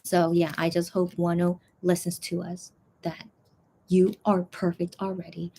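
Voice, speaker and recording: A woman's voice: on the low side, a little slow, slight background noise. Rambling chatty young woman. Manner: rambling, full of fillers and restarts; chatty and animated, talking straight to viewers. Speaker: fan vlogger. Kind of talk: casual chat.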